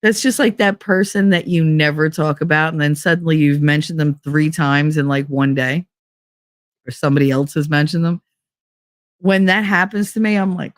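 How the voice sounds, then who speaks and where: A woman's voice: low voice, moderate pace, no echo, clean studio sound. A middle-aged woman hosting a podcast, telling casual stories with lots of swearing and laughter. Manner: profane, animated, laughs through stories. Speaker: podcast host. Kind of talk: casual storytelling monologue.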